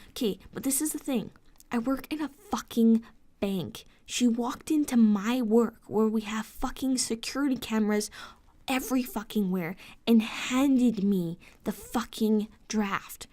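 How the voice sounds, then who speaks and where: A woman's voice: fairly high pitch, a little slow, mellow. A woman vents to the camera late at night, sleepless and fed up. Her rant is sarcastic and full of swearing. Now and then her voice sinks to a whisper before it climbs again. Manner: frustrated, sweary, sarcastic ranting; drops into whispers at times. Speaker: vlogger. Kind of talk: late-night venting vlog.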